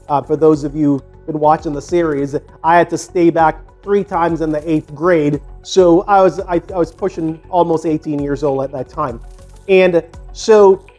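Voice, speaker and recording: A man's voice: fairly high pitch, a little mellow. A man in his fifties from the United States, casually telling a personal story in a rambling way with many fillers and restarts.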